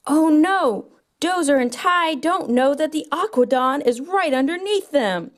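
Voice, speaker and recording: Slow, singsong woman narrating toy play. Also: high voice. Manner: animated, storytelling.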